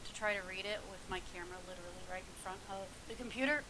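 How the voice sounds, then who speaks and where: Talking fast at a medium pitch, a woman rambles through a casual mukbang vlog from home, where she's alone, peppering it with ums and little laughs. The mic sits in front of her, and background noise can be heard.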